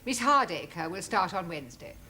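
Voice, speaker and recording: A stern prim headmistress, british accent, crisp bright voice, lively pitch, formal. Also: female voice, moderate pace, a little hiss or hum. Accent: British English. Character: stern, prim middle-aged headmistress, cold. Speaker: school principal. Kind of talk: 1970s sitcom acting.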